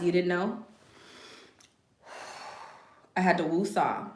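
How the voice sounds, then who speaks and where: A woman's voice: lowish voice, fairly even intonation, drawn-out words, pauses often, darkish tone, echoey room. A woman chatting casually on a live stream. She talks bluntly and with confidence, and she repeats her phrases for emphasis. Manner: blunt and self-assured. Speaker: online content creator.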